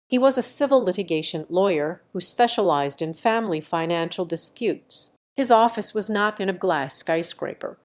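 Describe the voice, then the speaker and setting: A young adult woman giving first-person scripted narration of a family revenge story, in a tense, measured way. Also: mid-range voice, darkish tone.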